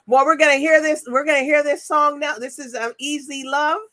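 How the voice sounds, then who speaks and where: A woman's voice: high voice, steady tone, normal speed, pushed and bright. A woman hosting a TV talk show, chatting with her guest and often repeating herself. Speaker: TV show host. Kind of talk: casual interview chat.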